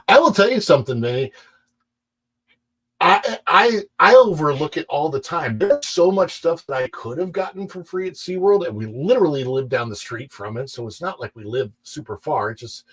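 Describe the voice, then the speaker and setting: A man's voice: medium pitch, rough recording. A man hosting a casual livestream from home, chatting to viewers in a rambling, self-correcting way. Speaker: livestream host.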